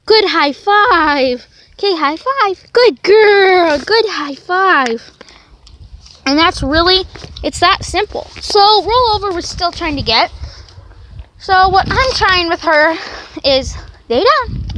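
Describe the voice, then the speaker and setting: Woman vlogger, very high voice, coaxing dog-training demo, faint background hiss. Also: bright, forceful tone, low-quality recording. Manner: coaxing commands to a dog between explanations. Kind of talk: casual training demonstration.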